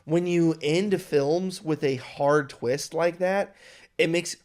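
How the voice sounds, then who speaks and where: Excitable young man reviewing a film. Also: fairly high pitch, slow. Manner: excitable, acts out imagined dialogue, many restarts. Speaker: podcast co-host. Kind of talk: casual film review chat.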